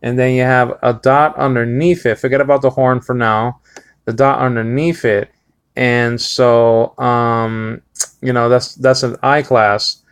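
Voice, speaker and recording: Slow, gravelly man sounding out Hebrew. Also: medium pitch, flat delivery. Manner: slow, halting, many fillers, sounds out words syllable by syllable. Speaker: Bible teacher. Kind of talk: live-streamed Hebrew reading lesson.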